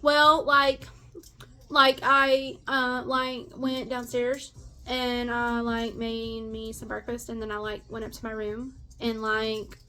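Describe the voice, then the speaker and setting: A woman's voice: on the high side, level tone, slow, pushed and bright, clear, resonant tone. A woman mimicking her airheaded teenage stepdaughter, who rambles vaguely and fills every phrase with like. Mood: rambling.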